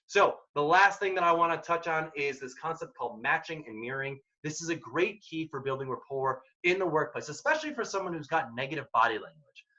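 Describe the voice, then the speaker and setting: A man with a bright, forceful, somewhat high voice lectures students on workplace habits. He talks in a direct, emphatic, casual way. The recording sounds dull and lo-fi. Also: expressive, brisk, few pauses. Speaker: workshop presenter. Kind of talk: career advice lecture.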